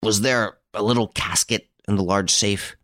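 A man's voice: fairly low pitch, normal speed, a bit bright, no room sound, lightly acted. A man reading as a bitter, cornered blackmailer. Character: desperate, grasping blackmailer, adult man.

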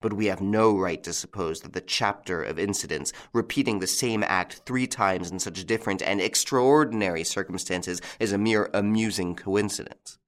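A man reading an audiobook, voicing a calm, authoritative gentleman thief who speaks distinctly and reassuringly, in a lowish voice. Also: normal speed, few pauses, natural voice. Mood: grave.

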